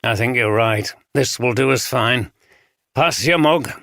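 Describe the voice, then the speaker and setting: A man's voice: mid-range voice, measured pace, creaky, fairly bright tone, dry recording, studio quality. A man voicing a plain-spoken male detective chief inspector with a northern English accent. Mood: businesslike.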